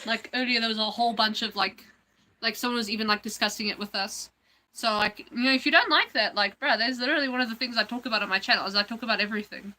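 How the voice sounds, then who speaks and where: Bright, chatty woman livestreamer. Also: fairly high pitch, fast talker, low-quality recording. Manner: chatty, rambling, lots of fillers. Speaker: livestream host. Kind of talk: casual livestream chat.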